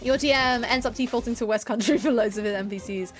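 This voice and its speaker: A woman's voice: a little high, over music. A young woman, chatting casually and rambling a little as a streamer and game master. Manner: chatty, rambling, quick laughs. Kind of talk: casual chat to a live chat.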